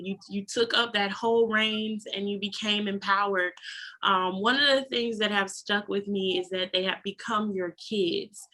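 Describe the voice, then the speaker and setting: Bright-voiced woman co-host, emotional. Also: mid-range voice. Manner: emotional, searching for words. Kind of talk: interview chat.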